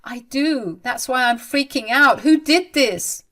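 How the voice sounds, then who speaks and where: A woman's voice: high-pitched, slow, a bit bright, pitched above the performer's own voice. A woman voicing a caring young bride who speaks in an urgent, emphatic way. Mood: concerned, indignant.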